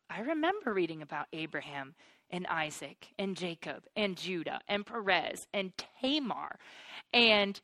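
A woman's voice: lowish voice, unhurried, dry recording. A woman teaching through the Bible in an earnest, personal way, calling listeners "you guys" as her wonder grows. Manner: earnest, builds to excited wonder. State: choked up with emotion.

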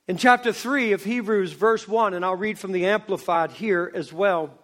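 A male pastor preaching a sermon, swinging between loud emphasis and hushed asides. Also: high-pitched. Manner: slow, drawn-out delivery.

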